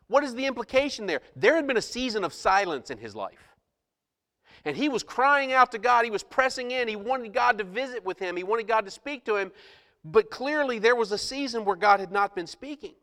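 A middle-aged pastor with a high-pitched voice preaches to his congregation, telling a story about himself with lively, self-mocking humor. His voice rings out in a large church sanctuary with a long, trailing reverb. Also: a little fast. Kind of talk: storytelling sermon.

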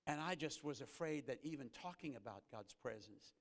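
A man preaching a sermon as a guest pastor, earnest, rising to emphatic peaks and then dropping low and slow. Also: expressive, creaky. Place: church sanctuary. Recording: reverberant church hall.

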